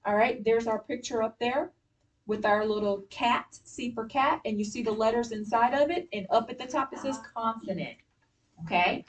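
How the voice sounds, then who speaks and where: A woman's voice: a little high, moderate pace, recorded from a distance. Woman teacher heard from across a classroom. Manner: patient, directive, step-by-step instructions. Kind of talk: classroom spelling lesson.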